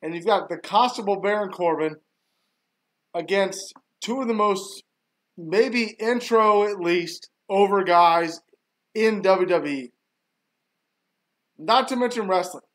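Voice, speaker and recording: A man's voice: high voice, slow, pauses often, a bit bright. A man hosting a live stream, giving casual, opinionated commentary as he watches a show and complains about what he sees. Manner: opinionated, griping about the booking.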